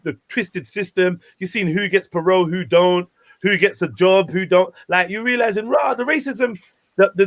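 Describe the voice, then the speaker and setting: A man hosting a casual panel chat, speaking passionately in street slang. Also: sits high. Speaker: show host.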